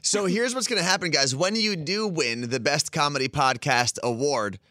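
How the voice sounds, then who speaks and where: A man's voice: fairly high pitch, moderate pace, sharp tone, dry recording, clean studio sound. Upbeat radio co-host man. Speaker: radio morning show co-host. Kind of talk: casual radio chat.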